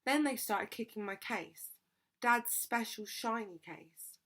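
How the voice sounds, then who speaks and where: A woman reading a children's novel aloud with steady, expressive narration. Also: on the high side, slow pace. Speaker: reader.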